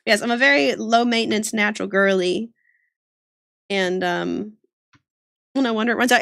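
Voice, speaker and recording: A young woman chats casually on stream while she draws, rambling and giggling as she reads chat. Her voice sits a little high. The sound is dry and close. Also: a little slow, vocal fry, long pauses, fairly bright tone, no echo. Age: young adult.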